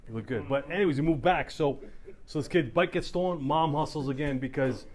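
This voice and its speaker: Speaking a little high and fairly quickly, the same kind of speaker, a middle-aged Canadian policeman, entertains a town hall crowd in a community hall. His storytelling is lively, complete with acted-out voices.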